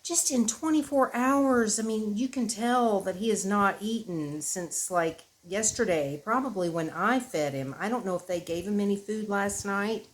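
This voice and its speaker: A woman's voice: medium pitch, moderate pace, few pauses. Woman vlogger, emotional home chat, rambling and fond. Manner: rambling, tender, emotional, says "y'all". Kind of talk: casual chat to camera. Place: at home indoors.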